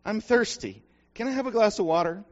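A man's voice: high-pitched, lively intonation, fairly quick, voice pushed up. A man voicing a small thirsty boy stalling at bedtime, in a pleading, wheedling way, on a dull lo-fi recording.

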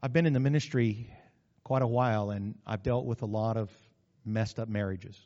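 A middle-aged man preaching a sermon as pastor, animated, acting out quotes with sudden loud bursts. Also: on the low side, normal speed. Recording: muffled recording in a reverberant hall.

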